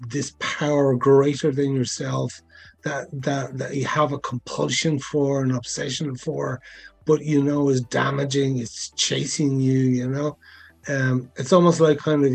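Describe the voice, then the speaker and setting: A man's voice: medium pitch, little pitch movement, measured pace, gravelly, faint music behind. A man, a sound designer, talking in a chatty way full of fillers and asides in a podcast interview. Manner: chatty, many fillers, asks for agreement.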